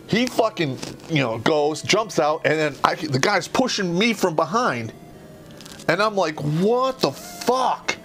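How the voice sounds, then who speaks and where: A man's voice: on the high side, a little slow, faint music behind. Foul-mouthed man telling war stories. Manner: animated storyteller, heavy swearing, laughs mid-sentence. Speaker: podcast host and Army veteran. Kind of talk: profane comedic war story.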